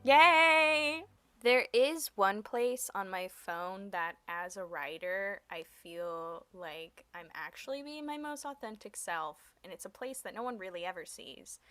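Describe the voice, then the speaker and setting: A young woman doing a self-mocking comedic monologue in a deadpan way. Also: medium pitch, no echo.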